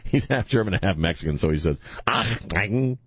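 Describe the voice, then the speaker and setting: A man's voice: low-pitched, expressive, fast talker, slight background noise. A middle-aged man hosting a radio talk show, joking loosely and provocatively and laughing often. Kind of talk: casual radio banter.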